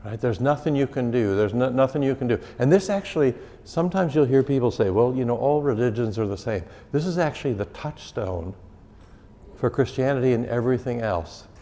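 In a hall with long reverb, a pastor gives an informal catechism lesson, conversational and repeating key phrases for emphasis. His mid-range voice is mellow, animated, and fairly quick.

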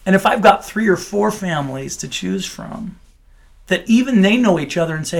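A middle-aged man talks earnestly in an interview, often restarting his sentences. His voice is gravelly and sits a little high. He sounds heartfelt about the work he describes. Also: expressive, normal speed. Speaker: child welfare official. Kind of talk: radio interview answers.

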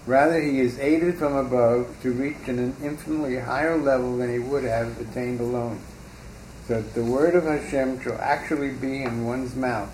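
A man reads a passage aloud at a steady, measured pace for a class. The sound is roomy and echoey, with a faint hiss of ambience underneath. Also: medium pitch. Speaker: text reader in a class. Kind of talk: reading a text aloud.

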